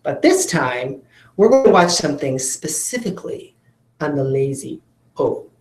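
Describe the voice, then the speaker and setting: A woman's voice: sits low, big pitch swings, a little slow, reverberant. A woman teacher giving a phonics lesson for children, patiently sounding out syllables and explaining spelling rules.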